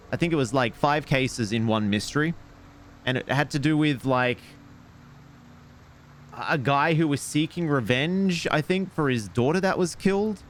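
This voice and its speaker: A man's voice: on the high side, slight background noise. A man streaming a mystery game, with casual, sarcastic, muttering commentary as he plays.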